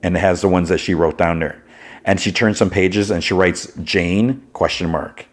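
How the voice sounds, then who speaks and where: A man's voice: low-pitched, fairly even intonation, normal speed. A man hosting a podcast, recapping a TV episode in a chatty way, full of "like" and "you know.". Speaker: podcast host.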